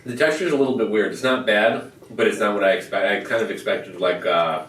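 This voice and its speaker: Fast-talking low-voiced man. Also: a bit bright. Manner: quick and enthusiastic, compares brands. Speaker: co-host reviewing protein bars. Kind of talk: casual taste-test chat. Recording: roomy, mic at a distance, faint ambience.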